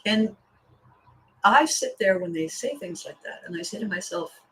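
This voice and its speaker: On her own show, a woman delivers a motivational talk at a moderate pace, her medium-pitched voice coming through poor audio. As a podcast host and life coach, she performs the voices of those she quotes, with the odd chuckle.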